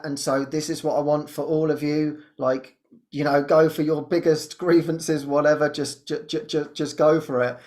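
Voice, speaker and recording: A man who hosts a spiritual show, telling a personal story in a casual, animated way and laughing often. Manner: animated storytelling, laughs often, jumps high when quoting. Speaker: spiritual teacher and podcast host.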